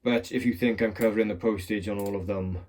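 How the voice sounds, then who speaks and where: A lock-picking hobbyist chats casually while demonstrating, rambling and swearing with self-mocking humor, his phone clamped in place to record. He talks quickly in a fairly low, a little mellow voice with fairly even intonation.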